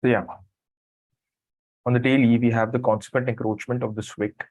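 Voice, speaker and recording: A man who has just woken from a nap, commenting on a live trading stream in a halting, apologetic way as he thinks aloud. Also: mid-range voice, little pitch movement, a little mellow, no room sound, rough recording. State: just woke from a nap, morning voice.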